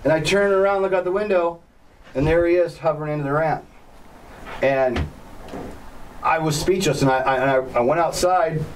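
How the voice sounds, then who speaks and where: A man's voice: fairly high pitch, normal speed, long pauses. Man, helicopter instructor, blunt and plainspoken, mic a bit far off, faint hiss behind. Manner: plainspoken, blunt, firm opinions. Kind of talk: casual storytelling to an online group. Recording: slightly distant mic with faint background noise.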